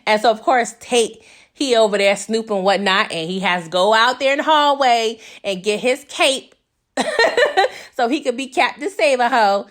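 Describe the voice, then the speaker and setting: A woman's voice: fairly high pitch, normal speed, fairly bright tone. Sassy, slangy woman recapping a TV episode. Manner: slangy, chatty, addresses viewers as y'all; sassy, amused asides. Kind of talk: casual spoken TV recap.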